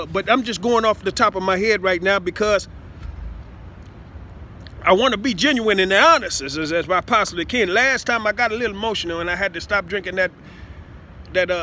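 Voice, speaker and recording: A man giving a rambling, improvised talk to his listeners, halting with many stammered repeats and asides of "see?". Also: high voice, pushed and bright, slight background noise. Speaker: self-styled speaker addressing listeners.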